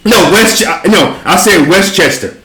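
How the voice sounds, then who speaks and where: A man in casual chat, telling a story in a relaxed, profane way with frequent laughs. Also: sits high, a little slow, reverberant, poor audio. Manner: laid-back, profane, laughs while telling stories.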